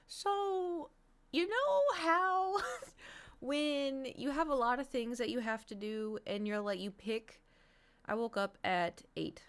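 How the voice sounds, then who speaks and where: A woman's voice: fairly high pitch, steady tone, a little slow, clean tone. A woman streamer chatting casually to her viewers, ranting and swearing freely. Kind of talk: casual live-stream chat.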